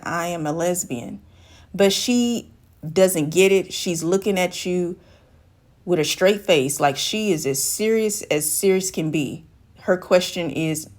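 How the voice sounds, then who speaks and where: Speaking straight to camera, a woman life coach offers advice by narrating an everyday scenario and playing its characters. Her voice runs low and a little mellow, and she shifts it whenever she quotes women.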